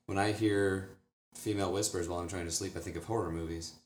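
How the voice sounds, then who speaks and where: A man co-hosting a podcast in casual chat, with dry jokes and quick asides. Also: low-pitched, steady tone, echoey room. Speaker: podcast co-host.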